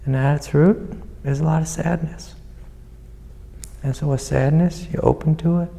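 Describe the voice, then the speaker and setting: A man with a gravelly, mellow voice guides a student as a spiritual teacher. He speaks gently and soothingly, with a long reverb from the hall around him. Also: fairly high pitch, fairly even intonation, moderate pace. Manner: gentle, soothing, calls the listener sweetie. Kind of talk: satsang guidance to a student.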